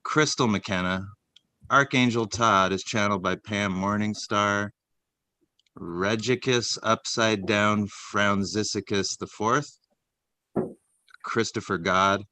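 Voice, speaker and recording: A man co-hosting a casual comedy chat, rambling and deadpan as he reads out a long list of silly names with lots of fillers. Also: on the low side, takes it slowly, no room sound. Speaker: comedy podcast co-host.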